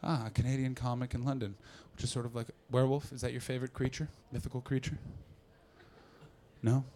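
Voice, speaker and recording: A man telling a comic story on a podcast, animated and breaking into loud impressions. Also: mid-range voice, quick pace, slight background noise. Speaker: comedian and podcast host.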